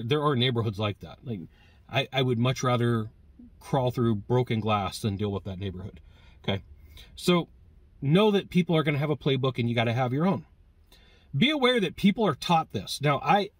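A middle-aged man giving an energetic, conversational sales training talk, jumping up in pitch for emphasis. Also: no room sound. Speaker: sales trainer for HVAC technicians. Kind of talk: instructional talk to camera.

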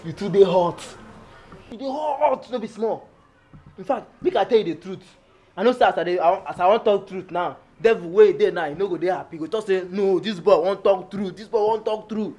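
A lovestruck greedy houseboy in Pidgin. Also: male voice, high-pitched, brisk, warm tone. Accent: Nigerian Pidgin. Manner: rambling, theatrical pleading, repeats himself. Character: comic young male houseboy, greedy and lovestruck. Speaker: actor playing a lovestruck, food-obsessed houseman named Friday. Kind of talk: Nollywood film acting.

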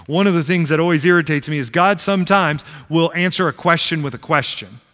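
Animated pastor in a reverberant church. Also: male voice, a little high, fairly quick. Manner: animated storyteller, acts out quotes, self-deprecating humor. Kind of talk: sermon. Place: large church sanctuary. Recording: long hall reverb.

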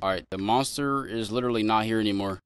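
On the low side and smooth, this young man's voice moves fast as he comments on a horror game for his channel, thinking aloud, speaking to viewers and yelping when startled. The recording is dry, with game music in the background.

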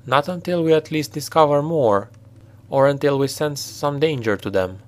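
A man reading a storybook voices a grave, secretive male necromancer who speaks in a measured, cryptic way. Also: fairly high pitch, voice pushed up, close to an everyday voice. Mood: probing.

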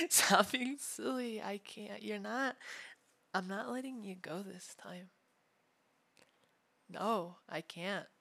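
A man's voice: high voice, slow, gravelly, pauses often, full character voice. A man voicing a whispery, clingy yandere femboy. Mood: clingy menacing. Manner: soft, unsettling, swings between sweet and threatening. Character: obsessive young male yandere femboy, clingy and menacing. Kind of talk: whispered role-play.

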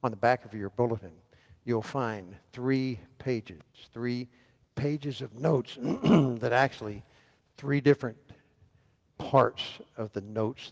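The pastor's voice is medium-pitched and a little mellow as he preaches in the church sanctuary. He prompts the congregation to reply and repeat verses after him, and the recording carries long hall reverb.

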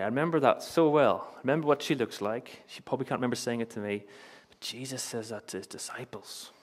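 A man's voice: mid-range voice, fast, few pauses, breathy edge. A young man preaching a sermon in a church, telling personal stories with earnest, emphatic repetition and light chuckles. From Northern Ireland.

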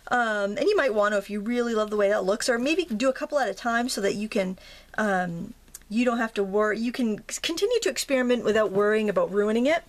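Slightly winded from pressing stamps, a woman leading a craft tutorial chats casually while working, full of fillers and self-corrections. Her mid-range voice moves quickly with lively intonation.

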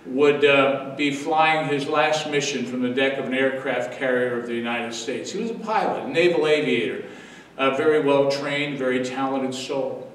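A man's voice: mid-range voice, moderate pace, a little hiss or hum. A man in his seventies, a pastor giving a daily devotional sermon, telling the story earnestly and repeating phrases for weight. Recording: echoey room, distant mic.

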